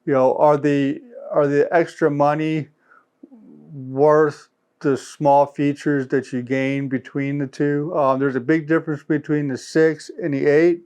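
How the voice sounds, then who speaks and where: A man's voice: a little high, level tone, unhurried, a little mellow, clean tone. A man vlogging from inside a car in easygoing, rambling casual chat, with frequent fillers. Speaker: tech vlogger.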